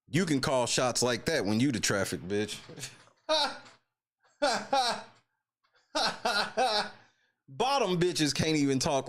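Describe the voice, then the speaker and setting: Profane laughing male show host. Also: mid-range voice. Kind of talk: live commentary show.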